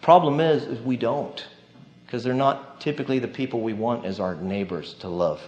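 A man's voice: mid-range voice, normal speed, a little mellow. A man preaching a sermon in a conversational, storytelling way, often asking his listeners "right?". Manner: conversational, storytelling with tag questions. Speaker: pastor. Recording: muffled lo-fi sermon recording.

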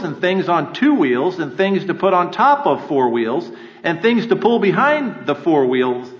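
A man's voice: a little high, fairly bright tone. A male pastor preaching a sermon with earnest rhetorical questions and emphatic repetition, in a church sanctuary. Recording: echoey hall, dull lo-fi sound.

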